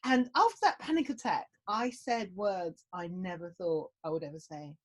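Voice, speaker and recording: A woman's voice: on the low side, moderate pace. A woman talking in a casual interview, giving practical advice on anxiety and laughing often as she tells stories. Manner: animated, laughs often while telling stories. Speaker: guest giving mental health advice.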